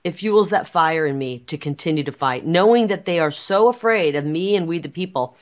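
A woman's voice: deep voice, animated, normal speed, lo-fi sound. A woman speaking as a political guest in an interview, defiant and insistent, hammering her points with repeated phrases. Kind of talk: emphatic interview talk.

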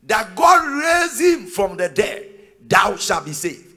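A man preaching a sermon as pastor, emphatic and sing-song, rising to shouted peaks. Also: high-pitched, very animated, slow. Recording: long reverb of a large hall.

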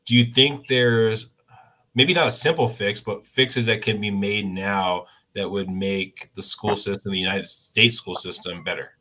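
A podcast host, a man with a lowish, bright-edged voice. He chats casually and stops and restarts as he sets up his questions. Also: fairly even intonation, unhurried, low-quality recording. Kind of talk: casual interview chat.

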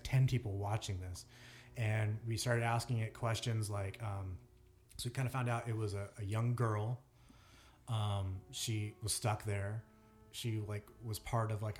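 A man's voice: on the low side, darkish tone. A man co-hosting a podcast, telling a story in casual chat with many fillers and restarts. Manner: rambling storyteller, lots of fillers. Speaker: podcast co-host.

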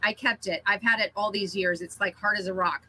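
Bright, slightly husky chatty woman. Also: medium pitch, fairly quick, poor audio. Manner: chatty, laughing, animated retelling of anecdotes. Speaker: guest, cookie artist. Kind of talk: casual interview storytelling.

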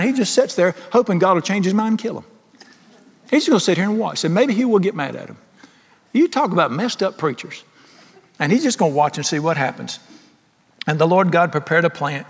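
A man preaching a sermon as pastor, animated and joking, with lots of rhetorical questions. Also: on the high side, slightly rough. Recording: long hall reverb.

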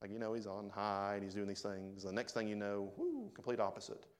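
A man's voice: lowish voice, lively intonation, brisk. A man pastor preaching a sermon, conversational and speaking directly to his congregation.

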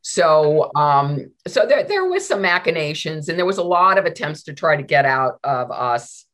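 A middle-aged woman, a law professor, telling stories in a conversational interview, animated and full of restarts. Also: deep voice, moderate pace. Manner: animated, many restarts and repeated words.

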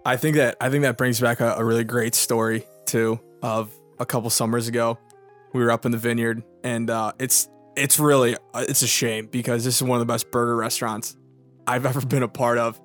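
Rambling animated man, mid-pitch voice. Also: fairly quick, faint music behind. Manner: rambling, animated storyteller, many fillers. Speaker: podcast co-host. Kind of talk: casual chat.

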